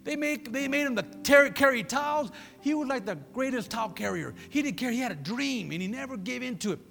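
A man preaching a sermon as pastor, swinging between loud peaks and low murmurs. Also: expressive, a little fast, gravelly, big-room sound, soft background music. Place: church.

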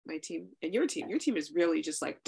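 A woman's voice: low voice, animated, brisk, creaky, a crowd in the background. A woman hosting a casual podcast chat, speaking in a fervent, motivational way and swearing for emphasis. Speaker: podcast host and spiritual coach.

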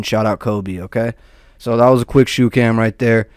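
A man's voice: medium pitch, steady tone, normal speed, a little mellow, clear, resonant tone, no echo, clean studio sound. A young man rambling casually and profanely, peppering his talk with "dude" and "man". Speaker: podcast host.

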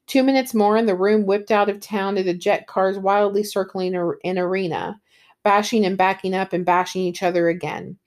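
A woman's voice: mid-range voice, fairly even intonation, moderate pace, a little mellow. Enthusiastic woman book reviewer, casual, reads passages aloud. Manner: enthusiastic, with fillers like um and you know.

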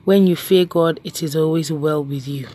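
A woman preaching a devotional message, animated and emphatic, laughing and telling stories. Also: sits low, moderate pace, breathy edge.

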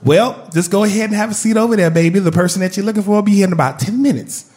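A kindly old grandmother speaks sweetly and without hurry, as a male storyteller puts her on. The voice sits high and motherly. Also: rapid-fire, darkish tone, natural voice. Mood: welcoming.

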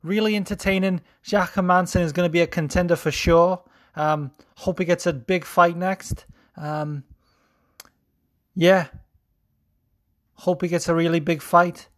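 Man, put-on Scouse accent, higher voice, casual podcast host, self-mocking. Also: fairly even intonation, measured pace, long pauses, a bit bright. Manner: putting on a mock Liverpool accent, self-mocking. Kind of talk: casual MMA recap podcast.

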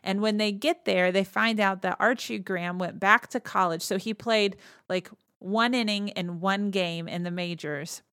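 A woman's voice: mid-range voice, steady tone, a bit bright, smooth, no echo, clean studio sound. Chatty woman podcaster recapping a film. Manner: chatty, laughs often, retells scenes with quick quoted voices. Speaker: podcast host. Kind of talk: casual movie recap.

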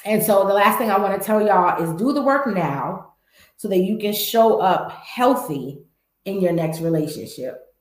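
A woman's voice: mid-range voice, animated, moderate pace, reverberant. A woman hosting a podcast, giving candid, emphatic advice in casual talk and speaking to her listeners directly. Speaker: podcast host.

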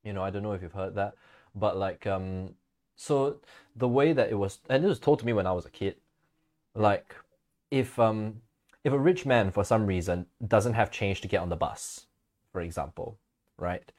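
In a lowish voice at a moderate pace, this podcast co-host chats casually. His storytelling is easygoing, full of acted-out quotes and ready laughter.

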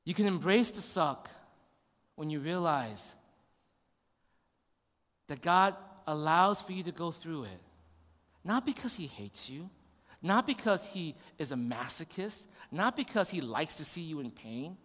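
A man's voice: on the high side, sing-song, measured pace, long pauses, fairly bright tone, big-room sound. A man in his thirties, a pastor giving a conversational sermon with rhetorical questions.

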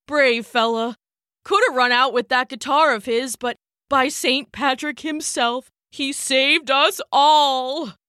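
A woman doing a tearful young man, slow and choked. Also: high voice, steady tone, bright, forceful tone, no echo, studio quality, heavily acted. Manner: slow, choked, folksy speech.

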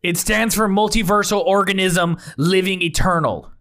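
A man's voice: high-pitched, steady tone, moderate pace, fairly bright tone. A man playing a panicky cosmic mole god. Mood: pleading. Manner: panicky, rambling, repeats himself.

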